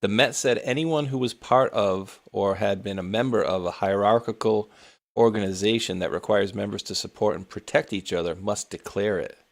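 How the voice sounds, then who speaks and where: New England male podcast host, low gravelly voice, casual chatty read. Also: steady tone, moderate pace. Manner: laid-back, chatty, laughs often, reads news aloud. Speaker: show host.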